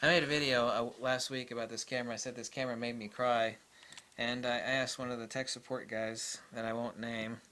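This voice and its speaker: Bright-voiced man gushing over gear. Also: medium pitch, little pitch movement, fairly quick. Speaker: camera reviewer. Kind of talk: enthusiastic casual gear review.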